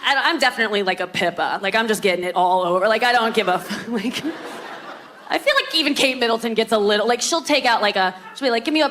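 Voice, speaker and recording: A woman's voice: fairly high pitch, background noise. A woman performing a stand-up comedy set on stage, chatty and confessional, with lots of fillers.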